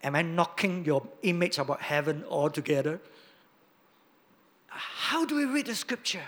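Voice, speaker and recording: A male pastor preaching a sermon, hitting key words loudly and dropping to quiet asides. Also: on the high side, expressive, moderate pace. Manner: emphatic, swings between loud stresses and quiet asides.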